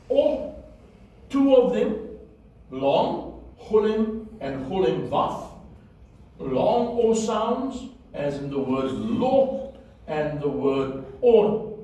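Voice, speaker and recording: A man teaching a Hebrew class, patiently repeating vowel sounds slowly and checking that students follow. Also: fairly high pitch, very animated, mellow, muffled recording. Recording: echoey room from far off, faint noise.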